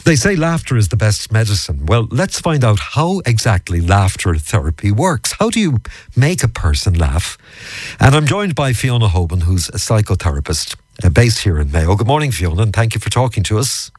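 A man hosting morning radio in a low voice. His pitch rises and falls a lot as he chats. The studio sound is dry and close. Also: moderate pace, husky, dry recording. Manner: lively, conversational. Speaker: radio presenter.

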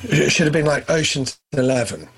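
Man, slightly high voice, husky and rough, rambling, eager film talk. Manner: rambling, heavy with "kind of, like"; enthusiastic, quick shifts into excited asides. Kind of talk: casual film discussion.

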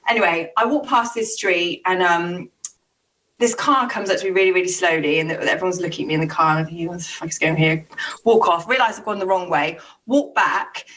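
A woman's voice: lowish voice, brisk, fairly bright tone, recorded from a distance. A young woman telling stories in casual chat, swearing freely and restarting her sentences. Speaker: podcast co-host telling stories.

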